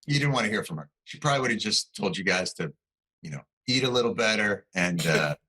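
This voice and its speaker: Middle-aged male guest, dry comic riffing, low register with a bright edge. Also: expressive, poor audio. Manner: wry, quick comic riffs. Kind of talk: casual talk-show banter.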